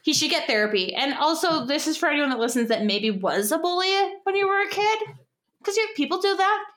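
Young female co-host, slightly high voice, chatty, filler-heavy advice talk. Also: animated, a little fast, fairly bright tone, echoey room. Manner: chatty storyteller, lots of fillers and acted quotes. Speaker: podcast co-host. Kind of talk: casual advice chat.

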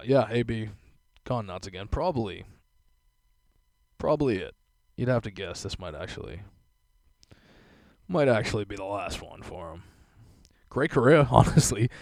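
A man's voice: lowish voice, creaky, no echo. Profane, laughing young man ranting. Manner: laughing, profane, animated storytelling. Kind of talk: profane casual rant.

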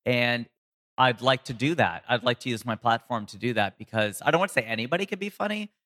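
A comedian and voice actor in a casual interview, telling stories with sudden jumps in pitch for emphasis. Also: male voice, lively intonation, fairly quick, pushed and bright, big-room sound.

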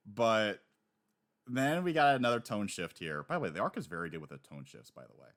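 A man co-hosting a casual chat, animated and quick to laugh, slipping into voices when he retells scenes. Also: on the low side. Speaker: podcast co-host discussing a manga.

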